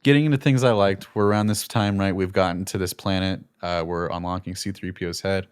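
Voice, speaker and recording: A man chatting casually as a film reviewer, animated and jokey, slipping into quick impressions of characters. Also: deep voice, smooth. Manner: animated, jokey, slips into quoted character voices. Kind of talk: casual movie review chat.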